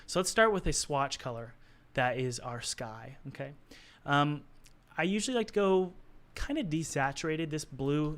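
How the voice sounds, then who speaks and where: A man with a hoarse, worn voice, teaching art on a casual live stream, chatty and encouraging as he answers the chat while he works. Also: a little high. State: hoarse, losing his voice.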